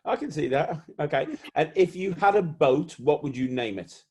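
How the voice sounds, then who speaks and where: A man's voice: on the high side, lively intonation, moderate pace, a little mellow, slightly rough. A man hosting a casual interview, gushing with effusive praise for his guest. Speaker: podcast host.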